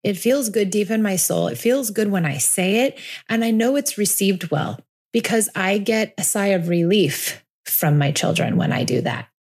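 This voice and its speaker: A woman in her forties hosting a parenting podcast, talking earnestly and reflectively, slowing down to stress her points. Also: mid-range voice, lively intonation, darkish tone. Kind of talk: reflective solo podcast talk.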